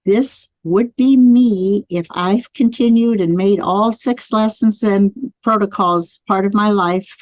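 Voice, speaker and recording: A woman's voice: mid-range voice, takes it slowly, few pauses, a little mellow, no echo, dull audio. A woman teaching a live online class, guiding listeners through spoken affirmations. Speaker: energy healing teacher. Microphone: computer mic on a live video stream.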